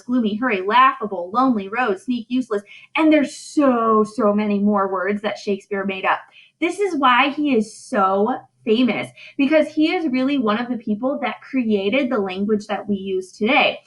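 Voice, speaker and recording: A woman teaching a recorded high school English lesson, chatty, checking in often with "okay" and "right". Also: fairly bright tone, low-quality recording. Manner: sounds out stress patterns aloud.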